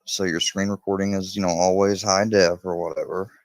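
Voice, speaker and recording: A man's voice: low voice, flat delivery, a little fast, no echo, low-quality recording. A man casually chatting on a live stream in a rambling way. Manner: rambling, talks to his dog mid-stream.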